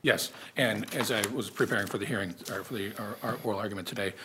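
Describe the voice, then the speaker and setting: A man presenting appellate oral argument for the state, earnest and halting, often restarting his sentences. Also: lowish voice, background noise. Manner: earnest, halting, repeats words. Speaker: state's attorney.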